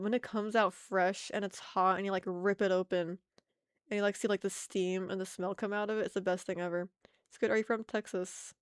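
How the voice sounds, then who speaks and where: A woman's voice: mid-range voice, flat delivery, fairly quick, clear, resonant tone, no echo, studio quality. Chatty American woman streamer, laughing often. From United States. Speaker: art streamer. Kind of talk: casual chat with stream viewers.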